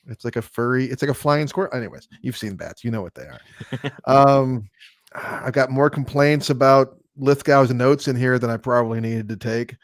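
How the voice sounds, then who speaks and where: A man hosting a podcast in casual movie review chat, animated and sarcastic, laughing often. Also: medium pitch, moderate pace, no room sound, clean studio sound. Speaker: podcast host.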